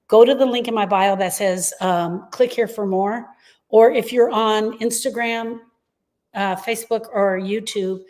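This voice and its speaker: A woman's voice: mid-range voice, a little mellow. A middle-aged woman who coaches grieving parents, speaking earnestly and emphatically in a live talk and repeating her key phrases to reassure them. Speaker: grief coach and host.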